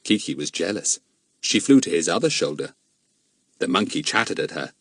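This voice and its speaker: Husky, animated male storyteller. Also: low voice, normal speed, dry recording. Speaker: audiobook narrator. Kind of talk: scripted narration.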